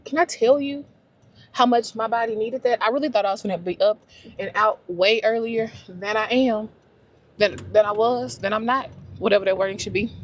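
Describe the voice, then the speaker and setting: Behind the wheel, a woman vlogs casually to her camera, talking to herself and laughing readily. She speaks at a normal speed in a slightly high, steady voice, and the audio sounds dull.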